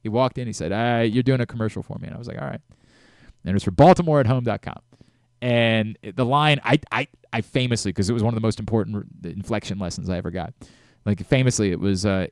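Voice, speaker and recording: A middle-aged man hosting a sports radio talk show, talking in an animated way with frequent restarts and self-corrections. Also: medium pitch, a little fast, dry recording, clean studio sound.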